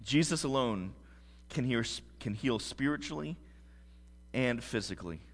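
A man's voice: medium pitch, expressive, a little slow, in a large hall. A man preaching a sermon as pastor, earnest and emphatic.

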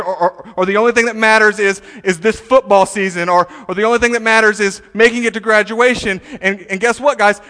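A man preaching a sermon to a youth congregation, emphatic and animated, with frequent repetitions and restarts. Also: high voice. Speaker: pastor. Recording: reverberant hall.

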